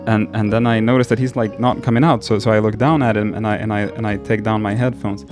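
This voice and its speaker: A man's voice: on the low side, flat delivery, fast, over music. A man telling a casual story-time anecdote to camera, rambling with frequent restarts and casual swearing. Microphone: camera mic.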